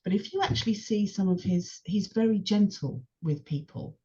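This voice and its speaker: Dark husky-voiced woman podcast guest. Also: medium pitch, normal speed. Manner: engaged, animated retelling of scenes. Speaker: podcast guest, longtime fan. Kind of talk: casual chat. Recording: dull lo-fi podcast audio.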